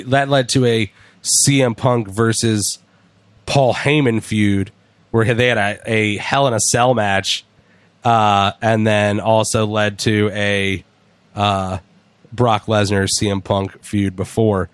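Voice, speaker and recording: A man chatting casually, retelling events with lively acted-out quotes as a podcast host. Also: lowish voice, takes it slowly, no echo. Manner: animated storyteller, acts out quotes. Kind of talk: casual chat recapping wrestling.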